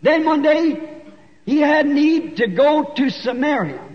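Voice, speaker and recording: High-voiced man preaching in an echoing hall. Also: expressive, slow pace. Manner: folksy storytelling, rising to shouts. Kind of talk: sermon. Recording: dull recording with long hall echo.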